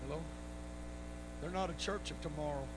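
A man preaching at a revival, telling stories and rising into shouted praise. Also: fairly high pitch, moderate pace. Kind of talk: sermon with stories. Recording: live church recording with noise and hum.

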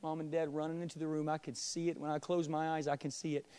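A young man preaching a sermon in a church, swinging from hushed, quiet passages to loud, impassioned pleading. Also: fairly high pitch, flat delivery, fast talker, clear, resonant tone. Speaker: pastor. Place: church sanctuary.

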